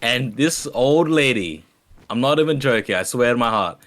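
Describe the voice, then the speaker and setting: A young Australian man, a nurse, chatting while gaming and telling animated stories with lots of laughter. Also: mid-range voice, moderate pace. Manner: animated storyteller, laughs often, voices quoted people. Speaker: nurse, guest player. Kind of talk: casual gaming chat storytelling.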